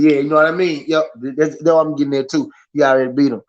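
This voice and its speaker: Animated Southern man ranting on a livestream. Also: on the high side, quick pace, hardly any pauses. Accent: Southern American. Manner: animated, repetitive, addresses chat directly. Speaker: boxing livestream host. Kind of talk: casual live commentary. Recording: slightly dull lo-fi stream audio.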